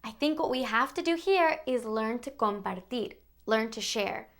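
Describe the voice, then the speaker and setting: A woman's voice: fairly high pitch, expressive, normal speed, fairly bright tone. A woman teaching toddlers Spanish words in a bilingual lesson, sounding out each syllable with exaggerated care. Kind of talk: bilingual toddler lesson, slow and sing-song.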